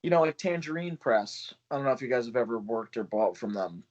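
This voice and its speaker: A man's voice: mid-range voice, animated, fairly quick. A man who runs a small press, chatting loosely and swearing on a video call, laughing often. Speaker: small press publisher and poet. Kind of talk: casual video call chat. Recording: dull lo-fi call audio.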